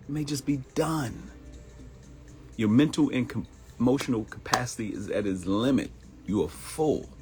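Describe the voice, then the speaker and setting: A man hosting a live morning show, giving a conversational motivational talk that mixes preaching with comedy and acts out quoted voices. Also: on the low side. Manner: preachy and conversational, addresses listeners as y'all. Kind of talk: motivational live-stream monologue. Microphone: streaming live.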